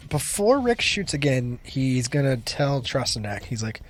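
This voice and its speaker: A man's voice: mid-range voice, unhurried, few pauses. A man playing a tabletop game who explains and checks the rules closely. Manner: lively, sticks to the rules. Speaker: player. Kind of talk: casual tabletop play.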